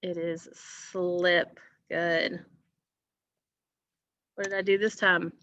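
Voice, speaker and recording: A woman teacher leading a phonics lesson for young children, speaking slowly and deliberately, stretching out words and praising the class often. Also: fairly low pitch, level tone, a bit bright, no room sound. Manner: slow, deliberate, encouraging, stretches words for emphasis.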